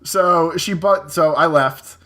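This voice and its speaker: A man on a podcast telling a story in a casual, profane, animated way. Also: a little high, slow. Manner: profane, animated retelling with acted-out quotes. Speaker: podcast co-host.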